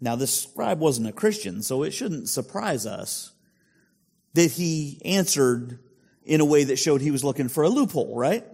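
A man's voice: on the high side, very animated, moderate pace, gravelly, darkish tone, slightly rough. A male pastor preaching a sermon in a conversational way, full of rhetorical questions. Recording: long hall reverb.

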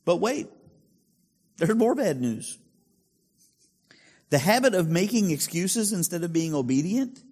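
A male pastor preaching a sermon in a conversational way, full of rhetorical questions. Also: high voice. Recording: long hall reverb.

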